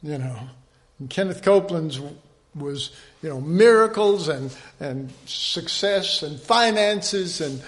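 A man teaching an informal Bible study, rambling and conversational, with many restarts, often dropping to a soft, earnest hush. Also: a little high, animated, slow pace.

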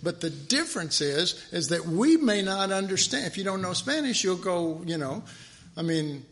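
A man's voice: high-pitched, big pitch swings, moderate pace, a bit bright. A man preaching a sermon in a rambling, conversational way, restarting his sentences often.

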